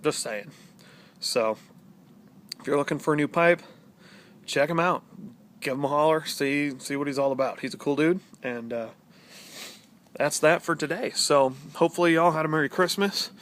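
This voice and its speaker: A man's voice: a little high, normal speed, pauses often, fairly bright tone. A man chatting casually to camera as a vlogger, rambling and sarcastic, with many fillers and restarts. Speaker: pipe-smoking vlogger.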